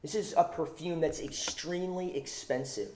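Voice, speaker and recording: Male pastor, mellow voice slightly high, emphatic sermon delivery, roomy echo. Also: moderate pace, slight background noise. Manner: emphatic, repeats phrases for stress.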